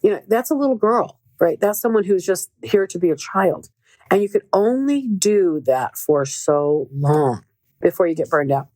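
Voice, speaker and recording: Middle-aged female host, low-pitched, earnest and emphatic, in a dry booth sound. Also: lively intonation, moderate pace, warm tone, no room sound. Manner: earnest, emphatic, repeats words for stress. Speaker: podcast host and relationship coach. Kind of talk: casual storytelling monologue.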